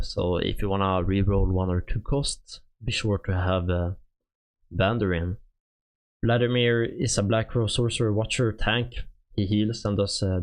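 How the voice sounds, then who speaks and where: Streaming in a voice on the low side, a man who speaks Swedish natively and has a Swedish accent reads through game units. He goes haltingly and casually, using many fillers.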